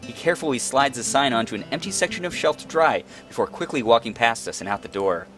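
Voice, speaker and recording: A man's voice: mid-range voice, animated, fast talker, fairly bright tone. A young man reading a visual novel aloud and adding playful, joking commentary, over faint guitar music. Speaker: let's play host.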